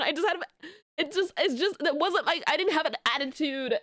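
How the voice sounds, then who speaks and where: A young woman streamer talks to her chat in a high, bouncy voice. Her pitch leaps all over the place as she rants and laughs. The sound is close and dry, with no room around it. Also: expressive, fairly quick, pushed and bright, no echo. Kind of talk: casual live-stream chat.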